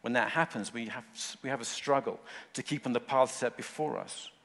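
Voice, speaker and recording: A man's voice: mid-range voice, fairly quick, fairly bright tone. A man preaching a sermon in short, earnest phrases, rising at times to fervent emphasis. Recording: long hall reverb.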